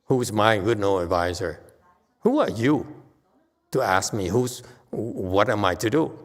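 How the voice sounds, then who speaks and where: A man's voice: fairly low pitch, sing-song, unhurried, long reverb tail. A man teaching as a Buddhist master in a dharma lecture, blunt and dismissive, brushing off questions with impatience.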